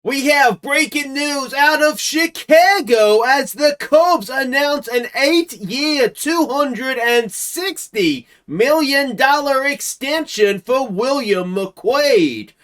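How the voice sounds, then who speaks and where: Aussie bloke doing a high, slow tv news anchor guy, formal and drawn out. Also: lively intonation, fairly bright tone, heavily acted. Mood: announcing. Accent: Australian. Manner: slow, drawn-out announcer delivery.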